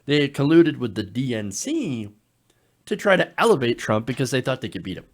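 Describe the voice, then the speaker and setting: A man's voice: mid-range voice, a little fast. A man hosting casual political commentary, reading tweets aloud with a sarcastic tone and frequent chuckles. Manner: sarcastic, chuckling often, lively delivery.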